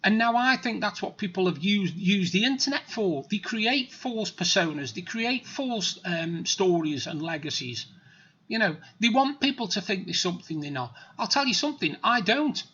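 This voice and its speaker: A man's voice: sits high, expressive, moderate pace, pushed and bright, slightly rough, muffled recording. A middle-aged man telling stories in a plain-spoken, rambling, blunt way. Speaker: vlogger. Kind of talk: casual storytelling monologue.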